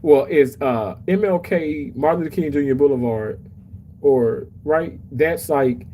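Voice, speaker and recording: A man's voice: on the high side, a little slow, dark tone, slight background noise, poor audio. A man hosting a casual livestream, chatty and emotional as he reads comments aloud. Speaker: livestream host reading chat.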